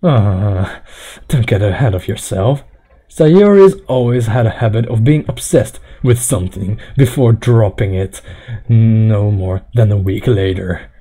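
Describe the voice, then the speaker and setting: A man's voice: lowish voice, a little slow, mellow, breathy edge. Man reading a visual novel aloud. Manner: narrates dialogue and breaks off with joking asides. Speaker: streamer.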